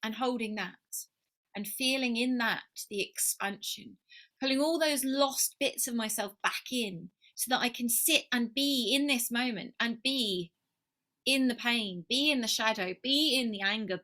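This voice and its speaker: A woman's voice: on the high side, measured pace, bright, forceful tone. A woman musing in a reflective personal video, heartfelt and earnest, sometimes dropping to a near whisper. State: emotional. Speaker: spiritual mentor.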